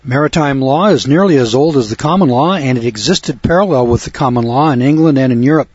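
A man's voice: medium pitch, quick pace, a little mellow, slightly rough, no echo. A man giving lecture-style radio commentary, folksy and sardonic, with a lecturing cadence, recorded on a dull lo-fi radio recording.

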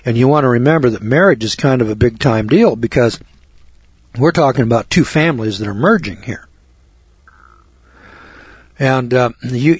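Radio host, middle-aged man, husky and blunt, dull dry lo-fi broadcast sound. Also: medium pitch, no echo. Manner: blunt, rambling, preachy. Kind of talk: folksy radio talk show lecture.

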